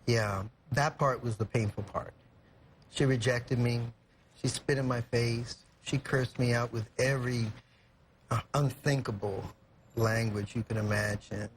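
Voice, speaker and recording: A man's voice: mid-range voice, fairly even intonation, unhurried, a little hiss or hum. A young man from California, a guest in a TV studio, telling an emotional story earnestly and reflectively, with many "you know" fillers. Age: young adult.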